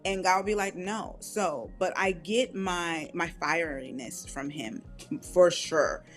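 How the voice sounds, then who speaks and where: A middle-aged woman, an author and podcast guest, telling candid personal stories in an animated way, acting out quoted voices and laughing often. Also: lowish voice, unhurried, soft background music. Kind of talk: candid conversational storytelling.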